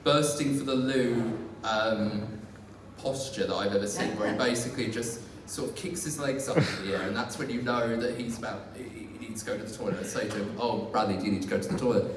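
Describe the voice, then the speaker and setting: A man's voice: on the low side, fairly quick. Young man, rambling stand-up, heard from far off in a roomy hall. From England. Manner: rambling, self-deprecating, many fillers and restarts. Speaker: stand-up comedian. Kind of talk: live stand-up set. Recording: far-off echoey hall recording, faint noise.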